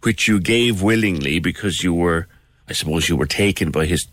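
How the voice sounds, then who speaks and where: A male radio host interviewing a caller with gentle, probing questions. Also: deep voice, normal speed, no room sound, studio quality.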